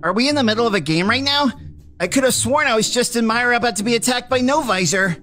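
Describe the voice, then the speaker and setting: A man's voice: extremely high pitch, fast talker, pushed and bright, faint music behind. A man voicing an anxious young male crewmate in a cartoon who panics and gets bewildered. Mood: confused. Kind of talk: cartoon voice acting.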